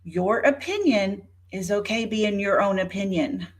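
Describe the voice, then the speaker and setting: A woman's voice: medium pitch, animated, a little slow. A woman in her fifties giving an indignant, sarcastic rebuttal on her vlog, speaking straight to a rival by name. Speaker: YouTuber. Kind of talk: rebuttal vlog talking to viewers.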